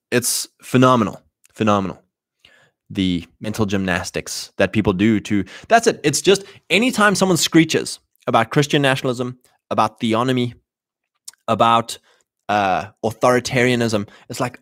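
A man's voice: mid-range voice, dry recording, clean studio sound. A man giving an opinionated monologue, emphatic and loose, with many fillers. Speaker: commentator.

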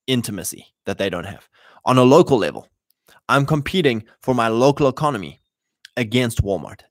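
A man's voice: medium pitch, no room sound. A man with a mid-range voice gives a casual, preaching talk to other men. He is blunt and exhorting and retells old stories in loose slang. The sound is close and dry. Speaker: podcast host addressing men.

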